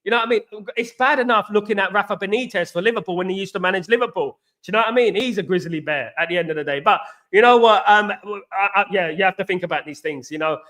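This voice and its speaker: A man's voice: high voice, fast, pushed and bright. A man hosting a casual football live stream, rambling and repeating himself as he chats with viewers and reads their comments. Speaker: football channel host.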